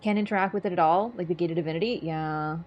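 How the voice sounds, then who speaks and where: A woman's voice: fairly low pitch, fast talker, darkish tone, highs cut off, soft background music. A young woman streaming a video game, chatty and casual, swearing and laughing as she talks. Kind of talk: gaming stream commentary.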